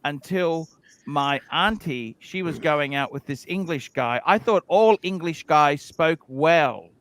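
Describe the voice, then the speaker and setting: Male host, high and bright, blunt storyteller. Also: lively intonation, slow. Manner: blunt storyteller, swears freely. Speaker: livestream host. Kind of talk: casual chat.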